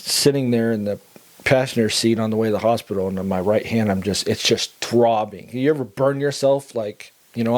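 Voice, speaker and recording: A young man tells his story in a relaxed, conversational way, laughing between lines. In the heavy moments his voice drops low and quiet. His pitch sits in a normal middle range for a man. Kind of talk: casual personal storytelling.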